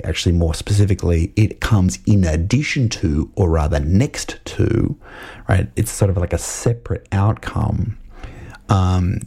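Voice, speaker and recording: A man's voice: low voice, creaky, dark tone. A young man hosting a show, talking through ideas in a thoughtful, rambling way with many fillers and restarts. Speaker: podcast host discussing a film. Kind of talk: casual analytical talk.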